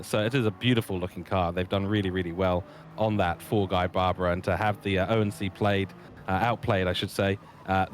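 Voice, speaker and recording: A man's voice: lowish voice, a little hiss or hum. A man commentating on a sim race, easygoing and analytical, drawing on his own driving experience.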